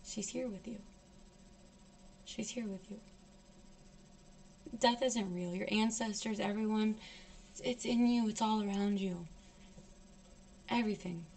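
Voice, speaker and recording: A woman voicing a calm, soothing shaman in a hushed, gentle whisper, as a whispered role-play. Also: medium pitch, measured pace, pauses often, recorded from a distance, pitched below the performer's own voice, close to an everyday voice.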